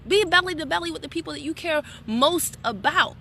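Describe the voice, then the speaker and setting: Animated woman, bright voice. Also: sits high, brisk, slight background noise. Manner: animated, chatty, laughs often, addresses viewers as y'all. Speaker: wellness products seller and team leader. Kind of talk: casual livestream talk to followers.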